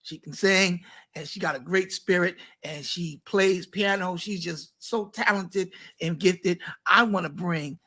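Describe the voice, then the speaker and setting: A man's voice: sits high, measured pace, bright, forceful tone. A man who is a pastor hosting a casual online interview show, hyping up his guests with slang-filled introductions. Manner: hype, enthusiastic introductions with slang.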